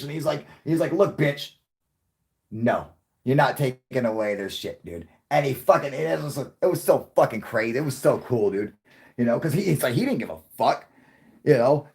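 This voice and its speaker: A man's voice: a little high, creaky, a little mellow, husky. A man vlogging to camera in a casual, profane, rambling rant, telling stories with lots of laughs and swearing.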